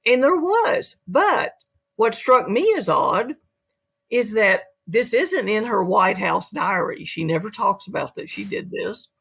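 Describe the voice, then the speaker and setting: An author being interviewed on a podcast, telling stories in a lively way and acting out the quotes. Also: medium pitch, measured pace, creaky, breathy edge. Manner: lively storyteller who acts out quotes. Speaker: author and guest. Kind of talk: storytelling in an interview.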